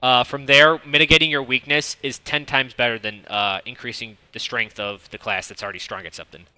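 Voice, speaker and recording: Casting note: streamer, thirties, piercingly bright and dry-close tone, swears freely, rambling coach. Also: male voice, medium pitch, a little fast, clean tone, no echo. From United States (Detroit). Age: 30s. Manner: profane, rambling, blunt advice; self-described monotone delivery. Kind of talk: casual coaching commentary.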